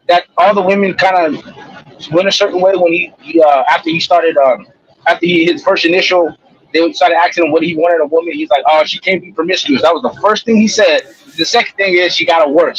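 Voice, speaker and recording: A man's voice: high-pitched, breathy edge, no echo, dull audio. A man on a live-stream panel, telling a rambling, profane story in casual chat.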